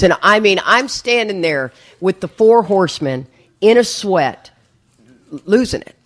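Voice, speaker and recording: Middle-aged woman, recovery-meeting speaker; animated storyteller who laughs often and mimics the people in her tale. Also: on the high side, normal speed. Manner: lively, laughing, acts out voices in her story. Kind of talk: storytelling talk to an audience.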